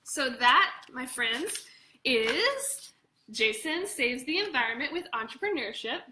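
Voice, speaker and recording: Bright high-voiced woman reading to kids. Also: unhurried, a little hiss or hum. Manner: lively storyteller pointing out pictures. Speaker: children's book author. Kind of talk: read-aloud to children on a live stream.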